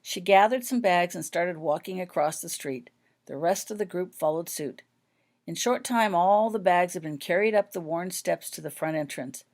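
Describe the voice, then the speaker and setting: A woman narrating her own fan fiction story in an even, expressive read-aloud manner. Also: lowish voice, moderate pace.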